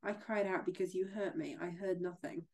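A frightened young captive woman pleads, as a woman reads her lines from a novel. The delivery is flat and low-pitched, with a mellow, dark tone. It sounds read aloud rather than acted. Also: normal speed. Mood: pleading.

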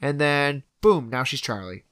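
A man's voice: mid-range voice, a little slow, smooth, no room sound. Man eagerly recapping a film scene. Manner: animated retelling, acting out characters' lines. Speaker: podcast co-host. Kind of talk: casual film recap chat.

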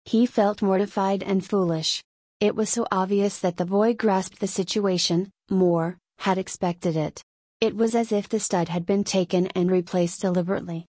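A woman narrating a story as an audiobook in a measured storytelling way. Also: mid-range voice, fairly even intonation, dark tone, no echo.

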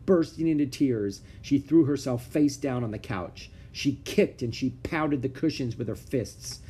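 A man reading a children's book aloud with expressive storytelling. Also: medium pitch, a little slow, husky. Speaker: narrator.

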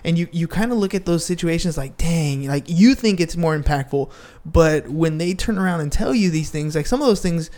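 A father hosting a podcast, musing thoughtfully about parenting and regret in a relaxed conversation. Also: fairly high pitch, normal speed, hardly any pauses. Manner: reflective, musing, with many restarts. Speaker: podcast host. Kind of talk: casual chat.

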